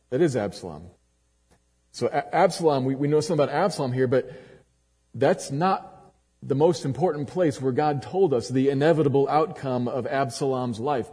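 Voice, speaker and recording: Male pastor, dramatic sermon delivery, husky mellow voice, church with long reverb. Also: moderate pace. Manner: dramatic preaching with sharp swings from loud emphasis to low, quiet lines.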